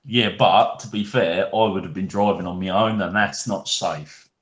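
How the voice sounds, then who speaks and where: A man's voice: low-pitched, fairly even intonation, normal speed, a bit bright. A British man co-hosting a casual podcast, teasing his friends in laid-back slang. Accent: British English. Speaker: podcast co-host. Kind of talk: casual chat. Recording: echoey room.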